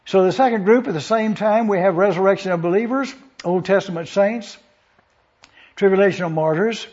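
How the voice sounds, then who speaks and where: A man's voice: sits high, normal speed, a little mellow, muffled recording. A man preaching an expository Bible lesson, methodically listing and repeating points for review with a dry touch of sarcasm.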